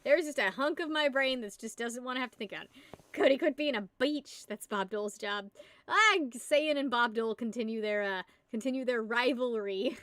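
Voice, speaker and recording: High-voiced giggly young woman streamer. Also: a little fast, fairly bright tone, dry recording. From United States. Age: young adult. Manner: giggly, rambling, reads and answers chat. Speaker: livestreamer. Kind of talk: casual live-stream chat.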